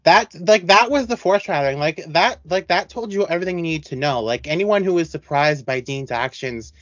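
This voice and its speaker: A man co-hosting a podcast in casual chat, talking in an animated, rambling way with many restarts. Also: on the high side, brisk, no echo, dull audio. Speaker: podcast co-host.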